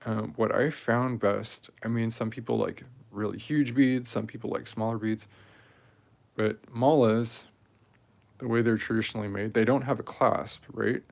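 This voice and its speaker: A man in his forties talking casually and rambling while he strings beads, with many pauses and fillers. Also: on the low side, steady tone, vocal fry, a little mellow. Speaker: craft video maker. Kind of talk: casual talk while crafting.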